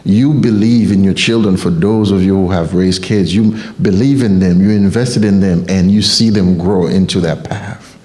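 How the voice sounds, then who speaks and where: A man's voice: low voice, steady tone, normal speed, few pauses, darkish tone. A man from Haiti with a Haitian accent, giving an emphatic motivational sermon and repeating key phrases for effect. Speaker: motivational speaker.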